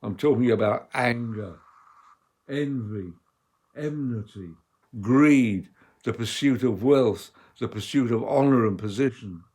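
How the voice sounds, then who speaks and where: Man giving a measured, emphatic sermon. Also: mid-range voice, a little mellow. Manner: measured, emphatic delivery with strong dynamic swings.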